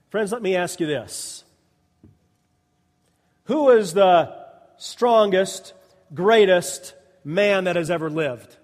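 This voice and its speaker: A man's voice: high-pitched, takes it slowly, long pauses. A male pastor preaching a sermon, emphatic and repetitive, calling out to the congregation and asking them to respond. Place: church sanctuary. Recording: long reverb of a large hall.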